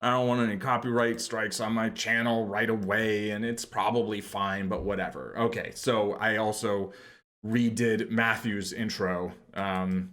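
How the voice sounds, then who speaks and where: A man from New York hosts a podcast, chatting loosely and wandering into self-deprecating asides. His voice sits a little low. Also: fairly bright tone. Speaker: podcast host. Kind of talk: casual chat.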